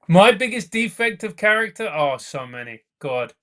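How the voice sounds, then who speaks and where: A man's voice: high voice, big pitch swings, takes it slowly, sharp tone. A male comedian guest in casual podcast chat, talking earnestly and repeating phrases for emphasis.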